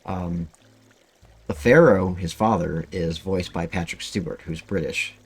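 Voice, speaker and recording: A man's voice: deep voice, unhurried, breathy edge, faint music behind. A man giving rambling, casual gameplay commentary, cursing freely as he plays. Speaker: streamer.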